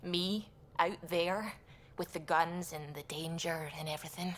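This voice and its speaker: A woman's voice: on the low side, steady tone, measured pace, fairly bright tone, slight background noise. An actress with a West Coast Scottish accent playing an eager, chatty female scientist. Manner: enthusiastic, rambling.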